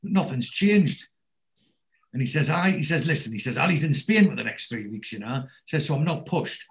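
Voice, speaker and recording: A man's voice: mid-range voice, fast, gravelly, poor audio. Man animatedly retelling a show. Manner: animated storyteller, swears freely, acts out quoted lines. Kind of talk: casual chat retelling a TV episode.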